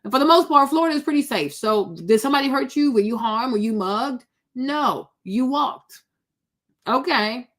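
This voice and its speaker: Woman, high-pitched, sassy, blunt, scolding, rhetorical questions, vlog commentary. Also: expressive, normal speed. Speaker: commentary vlogger. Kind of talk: reaction commentary.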